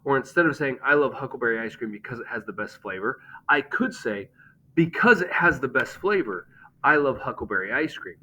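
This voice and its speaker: A man's voice: medium pitch, lively intonation, a little fast, pushed and bright, rough recording. A man teaching a grammar lesson, explaining step by step and checking in with "okay?".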